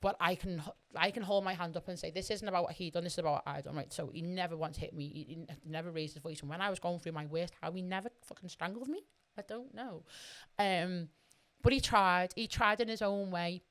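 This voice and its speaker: A woman's voice: lowish voice, brisk. A middle-aged woman, a podcast guest telling her story bluntly and with lots of swearing. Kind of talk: candid conversational storytelling.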